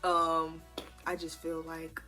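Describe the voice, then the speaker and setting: A woman's voice: low voice, takes it slowly, faint music behind. Chatty young woman telling a storytime. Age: 20s. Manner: animated, chatty, swears casually. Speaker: vlogger. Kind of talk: casual storytime chat.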